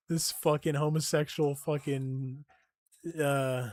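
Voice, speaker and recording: A man's voice: fairly high pitch, steady tone, unhurried, pauses often, a little mellow, no room sound. Profane, laughing young male streamer. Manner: profane, joking, laughs often. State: tired. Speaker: live streamer. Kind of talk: casual stream chat while gaming.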